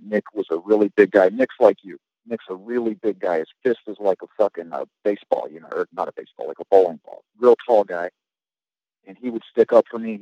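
A man's voice: fairly low pitch, no room sound, highs cut off. A man telling rambling, profane stories about his navy days in a casual podcast chat, often restarting his sentences. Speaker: guest, navy veteran.

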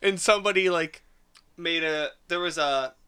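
A man in casual chat, telling a story slowly with laughs mixed in. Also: a little high, sharp tone, smooth.

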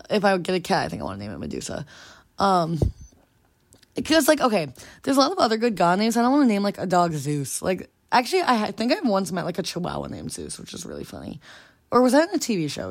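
A woman's voice: lowish voice, huge pitch swings, quick pace, creaky. A young woman in her twenties hosting a podcast, chatting casually and rambling with lots of "like". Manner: rambling, heavy use of filler "like". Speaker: podcast host. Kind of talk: casual chat.

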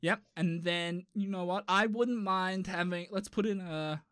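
A man's voice: high voice, fairly even intonation, measured pace, fairly bright tone, clear, resonant tone, dry recording, studio quality. A young man co-hosting a podcast in casual, joking, rambling chat. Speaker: podcast co-host.

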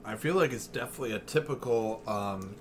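Laid-back low-voiced man podcaster. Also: brisk, slight background noise. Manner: laid-back, hesitant, many ums. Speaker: podcast co-host. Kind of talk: casual chat.

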